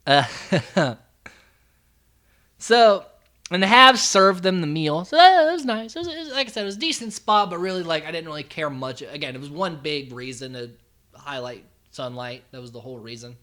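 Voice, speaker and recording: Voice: medium pitch, very animated, normal speed, bright, forceful tone. A podcast host recapping a reality show in a rambling, chatty way, full of "like" and casual swearing.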